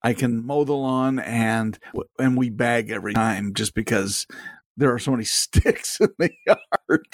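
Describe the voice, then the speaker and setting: A man's voice: medium pitch, a little slow, dry recording, clean studio sound. A man co-hosting a podcast in casual banter, wry and teasing, laughing often. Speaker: podcast co-host.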